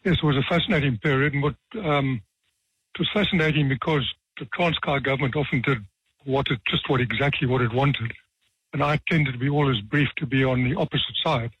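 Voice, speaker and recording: A man in his seventies, a retired judge from South Africa, tells stories from his career with dry, self-deprecating humor and measured pauses. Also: medium pitch, a bit bright, husky, no echo. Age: 70s. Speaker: retired judge, author guest. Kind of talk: relaxed anecdotal storytelling. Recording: dull, dry radio sound.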